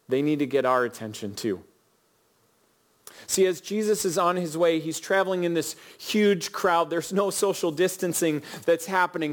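An earnest male pastor delivers a sermon like a storyteller. His voice sits a touch high, and he often stops to ask his listeners questions.

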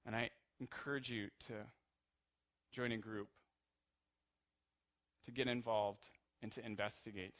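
A male pastor delivers a sermon passionately, swinging from quiet, low passages up to loud, high-pitched peaks.

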